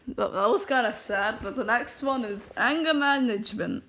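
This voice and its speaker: A woman's voice: fairly high pitch, moderate pace, fairly bright tone. A woman reading fanfiction aloud, flustered, stumbling over words and laughing through her asides. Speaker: fanfiction reader.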